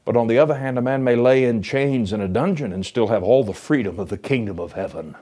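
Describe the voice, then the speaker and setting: A man preaching a sermon, building to emphatic lines and dropping to hushed ones, reading scripture aloud. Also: medium pitch, quick pace. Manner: reads scripture in King James English.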